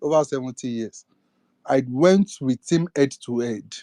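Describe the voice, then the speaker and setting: A man's voice: mid-range voice, unhurried, mellow, dry recording. A young man with a Nigerian accent giving an impassioned political rant, firing off indignant rhetorical questions. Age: young adult. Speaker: speaker in an online audio space.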